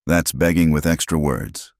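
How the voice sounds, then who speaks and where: Narrator doing a mean bulky sheriff, drawling, really deep voice. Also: male voice, moderate pace, creaky, no room sound, clean studio sound. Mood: menacing. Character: bulky, cruel frontier sheriff.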